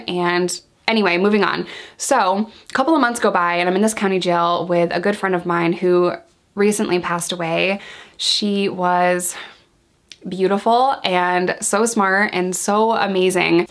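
Woman vlogger, candid storytime, blunt and profane, mid-range voice, acts out quotes. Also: medium pitch. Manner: frank, animated storytelling that acts out quoted dialogue. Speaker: vlogger sharing her jail experiences.

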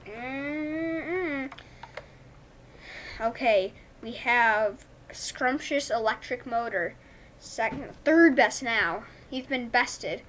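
Excitable young woman playing a sim game. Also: a little high, takes it slowly, a little hiss or hum. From Canada. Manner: excitable, chatty, thinking aloud. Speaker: gaming YouTuber. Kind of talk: casual gameplay commentary. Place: home room. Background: family's movie faint in background.

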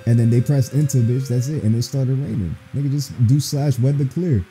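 A man's voice: medium pitch, normal speed, warm tone, faint music behind. A man playing a horror game on video, reacting with crude, profane jokes. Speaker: gaming video host. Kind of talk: let's play commentary.

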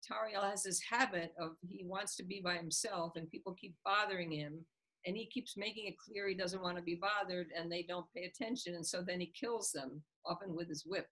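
A woman's voice: fairly low pitch, fairly quick, poor audio. A woman author being interviewed, retelling a scene from a book and acting out its characters' lines. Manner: animated storyteller, acts out the characters' lines with a laugh.

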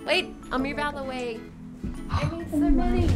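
A young woman hosting her own channel, chatting with fans over video calls, giggly and excitable with squeals and gasps. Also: sits high, measured pace, over music. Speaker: YouTuber host. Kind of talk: casual vlog talk and fan video calls.

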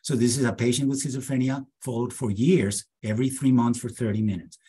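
Husky-voiced man giving a lecture. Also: medium pitch, fairly even intonation, mellow. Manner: measured, deliberate lecturing with emphatic slowdowns. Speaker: psychiatry lecturer. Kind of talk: academic lecture with case vignettes.

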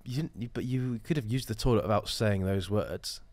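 A man's voice: fairly low pitch, fairly quick, darkish tone, dry recording. A young man co-hosting a podcast, chiming in with dry, teasing quips. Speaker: podcast co-host. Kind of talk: casual podcast chat.

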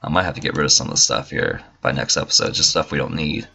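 A man's voice: rumbling low, fast talker, creaky, bright, forceful tone, slightly rough, soft background music. A man giving casual, profane, joking let's play commentary and talking back to game characters. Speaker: gamer.

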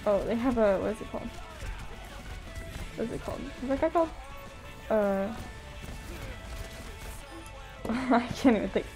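A woman's voice: fairly high pitch, brisk, music in the background. A woman streaming a game live, chatting bubbly to her chat and laughing often. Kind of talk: live gameplay commentary.

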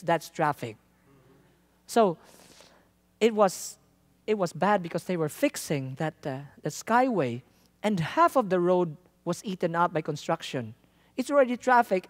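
A man from the Philippines, a traveling missionary telling a lively testimony in a sermon, laughing often and acting out the people in his story. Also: high voice. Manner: animated, laughs often, acts out quoted lines.

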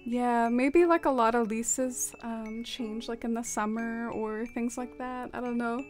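Soft-spoken rambling young woman streamer. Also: on the high side, steady tone, a little slow, soft background music. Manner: soft-spoken and rambling, many fillers and trailing off. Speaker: live streamer. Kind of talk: casual stream chat while playing a game.

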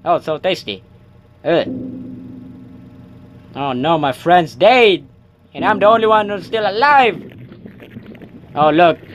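A young man commentating a horror game as he plays, yelping, shouting and joking, then dropping into low mutters. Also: takes it slowly, pauses often, lo-fi sound, slight background noise. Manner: excitable, yelps and shouts, joking asides; drops to a low, muttering aside between outbursts. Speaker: gaming YouTuber. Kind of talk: let's play commentary.

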